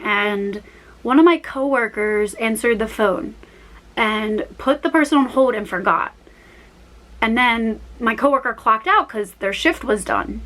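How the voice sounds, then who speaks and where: Young woman in her twenties rambling thru retail stories, kinda high voice, keeps correcting herself mid-sentence. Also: low-quality recording. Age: young adult, about 21. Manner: chatty, rambling, tangents and self-corrections; animated, acts out her own quoted lines. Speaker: vlogger. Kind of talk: casual storytime chat.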